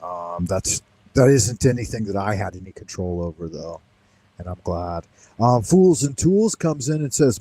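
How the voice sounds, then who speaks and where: A man's voice: mid-range voice, moderate pace, mellow, low-quality recording. A man hosting a casual livestream from home, rambling playfully and answering chat commenters. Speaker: livestream host. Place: home, Beijing.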